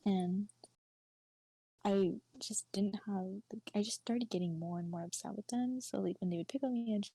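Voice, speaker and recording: A young woman co-host with a husky, mellow voice. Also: medium pitch, moderate pace, no room sound, low-quality recording. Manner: chatty, filler-heavy, often drops to a near-whisper. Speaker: podcast co-host. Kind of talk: casual personal storytelling.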